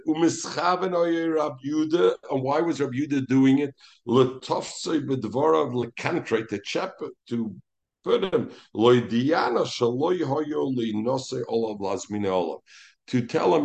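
A man teaching a Talmud lesson in an animated way, mixing Hebrew and Yiddish terms into English and acting out the rabbis he quotes. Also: medium pitch.

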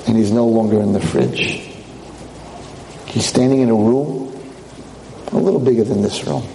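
A man's voice: lowish voice, normal speed, vocal fry, mellow, reverberant, long reverb tail, a little hiss or hum, low-quality recording. A man giving a religious lecture, telling a story vividly and dramatically to a room of listeners.

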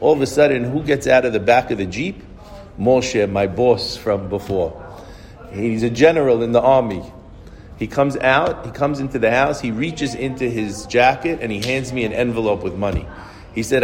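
A man's voice: mid-range voice, normal speed, darkish tone. Guy preaching and storytelling, keeps restarting lines, echoey hall sound. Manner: repetitive, conversational storyteller with frequent restarts. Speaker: speaker giving a religious talk. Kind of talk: sermon-like storytelling.

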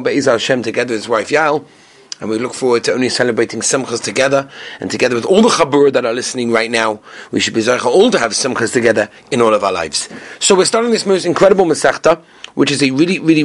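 Animated man teaching Talmud. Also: mid-range voice. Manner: animated, mixes Hebrew and Yiddish terms into English. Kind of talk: daily Talmud lesson.

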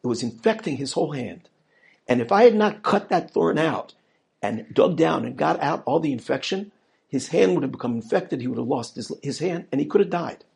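A man's voice: a little high, animated, fairly quick, creaky, a little mellow, slightly rough, heavily acted. A man voicing a stern father in a parable, firm and insistent. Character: stern father explaining himself, middle-aged man.

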